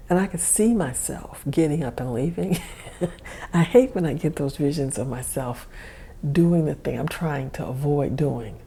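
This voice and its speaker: A woman's voice: low-pitched, measured pace, mellow, slightly rough. A woman hosting a podcast, telling a personal story in a rambling, self-correcting way and chuckling often. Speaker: podcast host. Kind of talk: casual storytelling monologue.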